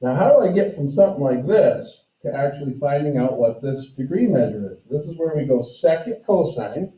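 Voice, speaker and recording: A man's voice: fairly high pitch, lively intonation, normal speed. Man teaching math in an echoey classroom. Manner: explains step by step, addresses students directly. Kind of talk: classroom lecture. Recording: roomy, distant, dull classroom audio.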